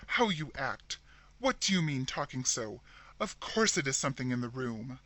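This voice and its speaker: A man's voice: mid-range voice, very animated, moderate pace, pushed and bright, no echo. A man voicing a stern woman who answers in harsh, clipped words. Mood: furious. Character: stern, curt woman holding herself rigid.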